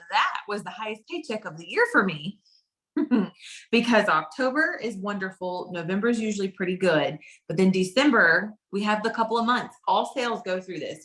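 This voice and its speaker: A woman's voice: mid-range voice, sharp tone. A woman consultant telling her personal story in a casual, chatty way, often repeating phrases for emphasis. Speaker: direct sales consultant.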